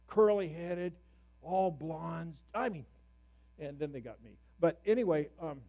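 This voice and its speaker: A middle-aged male pastor preaching a sermon with a fairly high voice. He tells stories in an easy way and breaks into sudden loud, animated bursts. His voice leaps up in pitch when he gets excited. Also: dull audio.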